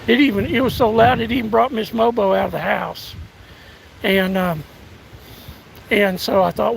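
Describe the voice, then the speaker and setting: A hoarse older man from the United States, live streaming on a phone outdoors in windy woods, chatting in a folksy, halting way and thanking viewers by name. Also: sits high, fairly even intonation, low-quality recording. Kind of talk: casual live-stream chat. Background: faint wind and rustling leaves.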